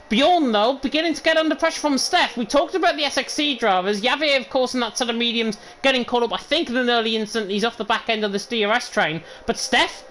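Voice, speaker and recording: A man giving rapid, excited play-by-play commentary on an online racing league. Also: extremely high pitch, slight background noise. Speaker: lead commentator.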